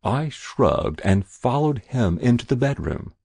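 A man's voice: medium pitch, big pitch swings, measured pace, gravelly, a little mellow, breathy edge, dry recording. A man reading a first-person story aloud in a wry, dry storytelling manner. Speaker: narrator. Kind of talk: audiobook narration.

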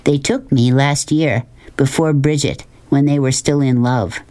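A man voicing a fierce, bold young girl in a storybook reading, slow and insistent. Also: mid-range voice, fairly even intonation, warm tone, pitched above the performer's own voice, natural voice. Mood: wistful.

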